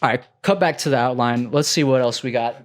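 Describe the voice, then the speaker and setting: A man's voice: medium pitch, fairly quick. A young man co-hosting a gaming podcast, chatting casually with lots of "like" and "bro". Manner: relaxed, full of "like" and "bro". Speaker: podcast co-host. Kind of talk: casual chat.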